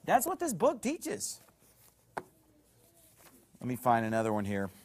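A man's voice: mid-range voice, huge pitch swings, measured pace, a little mellow, slight background noise. A man preaching a heated sermon, firing off rhetorical questions, raising his voice in bursts, and stopping to read passages aloud from a book. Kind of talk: fiery sermon.

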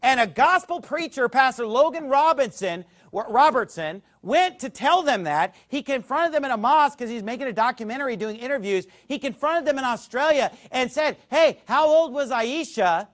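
High-pitched, heated preacher man. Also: lively intonation, normal speed, few pauses. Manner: heated, preaching with shouted peaks and rhetorical questions; reads passages aloud from a book. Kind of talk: fiery sermon.

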